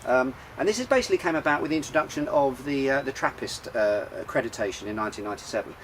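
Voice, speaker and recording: A man's voice: medium pitch, expressive, rapid-fire, a little hiss or hum, poor audio. A man hosting a casual beer show outdoors, talking in a rambling, chatty way with lots of fillers and restarts. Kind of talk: casual chat about beer. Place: outdoors in sunshine.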